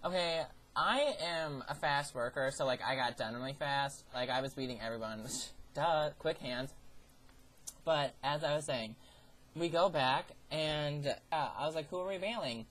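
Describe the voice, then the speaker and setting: A man's voice: on the high side, unhurried, fairly bright tone, rough recording. A teenage guy vlogging a story about a summer job, in a sassy, profane, theatrical way. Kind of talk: ranting personal storytelling.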